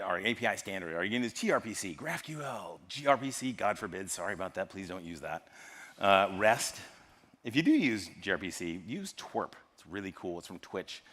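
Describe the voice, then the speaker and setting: An American man giving a lively, joking tech talk at a live conference and quizzing the audience. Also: lowish voice. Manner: lively, jokey, polls the audience. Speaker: conference speaker. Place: large conference hall. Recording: long hall reverb from a live stage.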